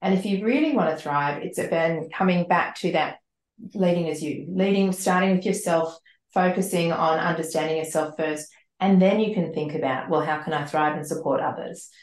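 A woman leadership coach speaks in long, earnest stretches, often doubling a word as she gathers her thoughts. Her voice sits on the low side, and the recording carries a noticeable roomy echo. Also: normal speed, a little mellow. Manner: earnest, flowing, repeats words while thinking. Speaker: leadership coach and author, guest. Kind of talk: podcast interview answers.

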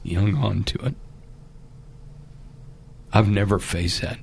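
A man with a somewhat low voice makes an impassioned fundraising appeal. He tells his story haltingly and emotionally, and then presses his listeners with urgent pleading, beneath a faint hiss of background noise. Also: gravelly, darkish tone. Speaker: charity appeal guest.

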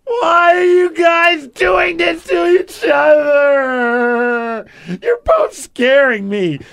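A man's voice: very high voice, lively intonation, drawn-out words, vocal fry, voice pushed up, exaggerated voice. A man doing a weepy, wailing woman. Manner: crying, wailing shouts. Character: overly sensitive weepy woman on social media.

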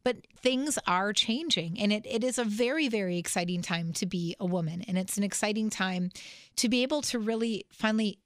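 A woman's voice: medium pitch, brisk, no echo, clean studio sound. A sick, congested woman guest on a podcast, telling a story animatedly with frequent restarts. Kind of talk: casual interview chat.

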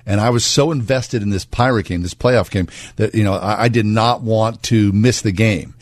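A man's voice: lowish voice, normal speed, dry recording, studio quality. A man in his sixties co-hosting a radio show, telling self-deprecating stories in a jovial, casual way. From Pittsburgh.

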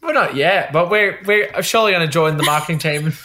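A man's voice: fairly high pitch, a little fast, pushed and bright. A young gay man co-hosting a podcast, telling rambling, self-mocking stories in casual comic chat. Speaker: podcast co-host.

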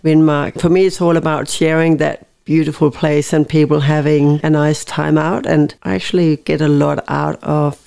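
A Danish woman in her fifties, a winery owner, appears as a guest on a podcast interview, speaking thoughtfully with a Danish accent and often restarting her phrases. Her voice is low-pitched, level, gravelly, dark, clear and resonant, at a moderate pace with few pauses.

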